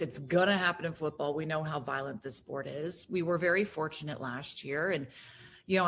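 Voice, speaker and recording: A woman from Florida, a guest on a sports podcast, talking in an animated way with lots of fillers and restarts. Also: lowish voice, slight background noise. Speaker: guest broadcaster. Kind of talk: casual podcast chat.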